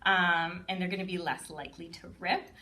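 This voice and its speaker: A woman's voice: lowish voice, fairly even intonation, normal speed, pushed and bright. A woman working as a communicative disorders assistant, giving a chatty instructional demonstration, now and then jumping into playful sing-song read-aloud voices. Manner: chatty with frequent "um" and light laughs.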